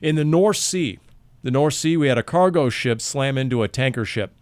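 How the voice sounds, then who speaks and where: A man hosting a casual sports podcast, running through a segment with wry, deadpan delivery. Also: mid-range voice, moderate pace, no room sound. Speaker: podcast host.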